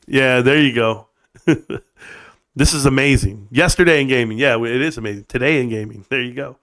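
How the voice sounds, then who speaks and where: A middle-aged man hosts a casual livestream, goofy and laughing, swearing and bursting into put-on voices, before settling into a quieter tone to share personal stories. His voice is medium-pitched and he speaks at a normal speed.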